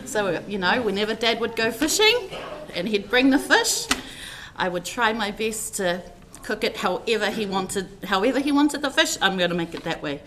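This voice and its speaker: A woman's voice: mid-range voice, big pitch swings, normal speed, fairly bright tone, slight background noise. A woman telling personal stories in a heartfelt, rambling eulogy, with many fillers as she speaks. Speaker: family member giving a tribute at a funeral service.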